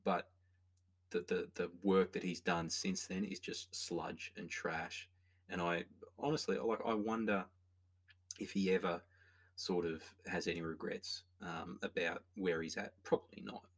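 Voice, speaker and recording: A man's voice: sits low, steady tone, measured pace. An opinionated man, chatting casually as a podcast co-host about a film, rambling with many restarts. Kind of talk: casual film review chat.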